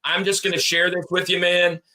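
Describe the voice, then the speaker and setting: A man's voice: sits high, flat delivery, brisk, pushed and bright. A man co-hosting a casual podcast, rambling and laughing as he tells stories. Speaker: podcast co-host.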